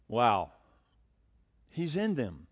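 A man preaching a sermon as pastor, animated, asking rhetorical questions and chuckling between points. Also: medium pitch, breathy edge.

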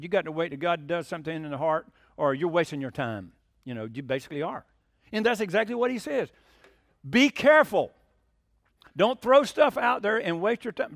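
Folksy preacher, high voice. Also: male voice, fairly bright tone, dry recording, studio quality. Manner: folksy storytelling, asks congregation questions. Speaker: pastor. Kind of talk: sermon.

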